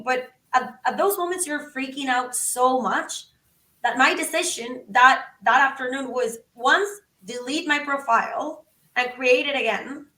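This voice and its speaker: Woman guest, high, sharp voice, acts out dialogue, roomy sound from a distance. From Venezuela. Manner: acts out both sides of conversations, exclaims. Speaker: podcast guest. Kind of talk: animated storytelling.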